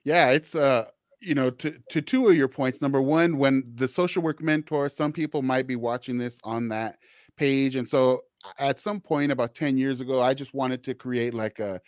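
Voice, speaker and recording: A man's voice: medium pitch, normal speed, dry recording. Conversational male podcast host, dry sound. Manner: conversational, many restarts and you-knows. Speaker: podcast host, social worker. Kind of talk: casual interview chat.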